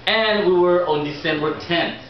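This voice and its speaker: A man, a life coach, telling a personal story in a lively, animated way to an audience. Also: sits high, unhurried. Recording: echoey room, distant dull mic.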